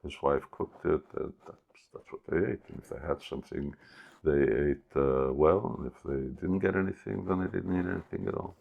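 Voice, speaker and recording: A man telling a devotional story as a spiritual teacher in a sermon, unhurried and hesitant, with many pauses. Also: very deep voice, steady tone, gravelly, phone-quality sound.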